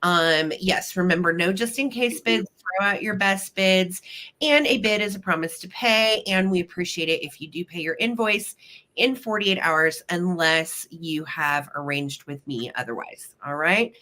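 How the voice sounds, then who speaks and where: Greeting viewers by name during her live vintage sale stream, a woman from Missouri keeps the chat casual. She speaks at a moderate pace in a lowish, sharp-toned voice that sounds a bit choked up, and she coughs slightly.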